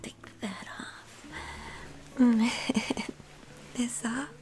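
Slow whispered role-play, young woman. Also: a little high, fairly even intonation, a little mellow, soft background music.

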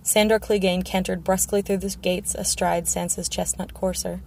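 A woman reading a fantasy audiobook in a steady, measured narration with a gravelly voice. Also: fairly low pitch, a little hiss or hum. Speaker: audiobook reader.

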